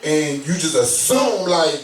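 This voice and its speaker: A man in his thirties chatting casually as a co-host, relaxed and full of slang, often asking "you know what I'm saying?". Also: a little high, slow, slight background noise. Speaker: podcast co-host. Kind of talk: casual chat. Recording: roomy sound, mic some distance off.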